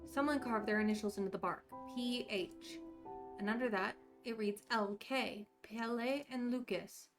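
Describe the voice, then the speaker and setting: A woman's voice: a little high, moderate pace, over music. Woman streamer reading a story game.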